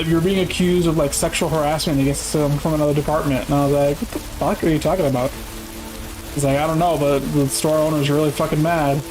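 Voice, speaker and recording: A man's voice: fairly high pitch, rough recording. A man telling a long, profane workplace story in casual chat with friends. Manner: profane storytelling, quick bursts. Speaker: streamer.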